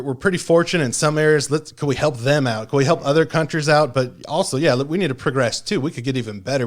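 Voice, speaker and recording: Male podcast host, mid-range voice, quick and rambling in casual talk. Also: mid-range voice. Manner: fast-talking, rambling with fillers. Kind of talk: casual conversation.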